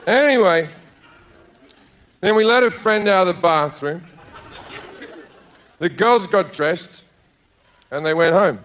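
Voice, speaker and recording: A man doing crude, deadpan stand-up storytelling on stage with a handheld mic. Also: sits high, slow, pauses often, some chatter behind. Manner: crude, deadpan storytelling with sudden loud bursts. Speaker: stand-up comedian. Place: stage before a live audience.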